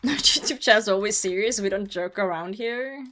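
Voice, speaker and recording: Chatting loosely with her viewers while gaming on a livestream, a woman teases, laughs a lot and curses without restraint. She has a mid-range, sharp-toned voice at a moderate pace, with a little hiss or hum in the audio.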